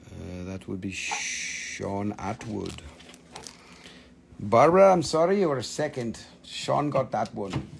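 A man hosting a live sales stream, talking with excited, animated patter as he shows and prices each item. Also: lowish voice, slow, creaky, a little hiss or hum.

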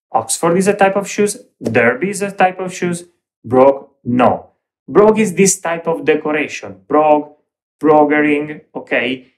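Man explaining shoes. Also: fairly high pitch. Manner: lively, emphatic, speaks in short broken phrases with pauses. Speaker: menswear video host. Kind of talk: explanatory talk to camera.

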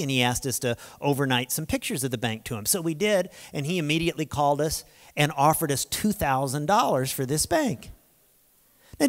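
Male preacher, slightly raised voice, animated storytelling sermon with humor, recorded in a big reverberant hall. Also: a little high. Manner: animated storyteller acting out dialogue, humorous asides. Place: large lecture hall.

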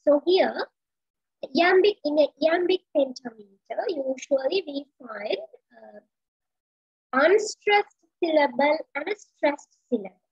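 A woman teaching literature in an online video-call lecture, talking slowly with many fillers and restarts. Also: high-pitched, expressive, no room sound. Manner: slow, hesitant with many fillers. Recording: dull lo-fi video call audio.

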